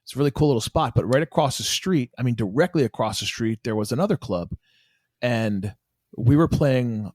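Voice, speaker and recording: A man's voice: medium pitch, lively intonation, brisk, darkish tone, no room sound, studio quality. A man, a band member guest, telling road stories in casual talk and laughing often. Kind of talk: casual storytelling.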